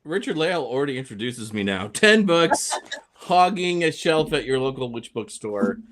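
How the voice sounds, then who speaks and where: A man's voice: medium pitch, big pitch swings, moderate pace, fairly bright tone. A man author giving a wry, self-deprecating introduction of himself.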